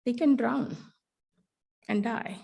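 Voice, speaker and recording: A middle-aged woman giving a keynote talk, a teacher telling a story with wry humor and dramatic pauses. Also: on the high side, gravelly, warm tone, slightly rough.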